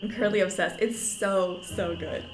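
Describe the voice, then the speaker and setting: A woman's voice: medium pitch, normal speed. A woman casually chatting and giggling while she plays a detective game. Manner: chatty, giggly, reacting aloud. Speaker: streamer playing a detective game. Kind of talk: casual gameplay commentary. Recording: echoey room with game music. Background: game music.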